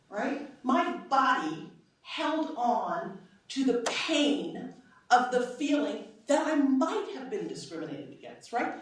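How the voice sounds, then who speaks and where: Echoey woman telling a story in a lecture. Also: high voice. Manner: animated storyteller, acts out quoted dialogue, frequent "right?". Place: lecture hall. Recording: echoey hall, voice from far off.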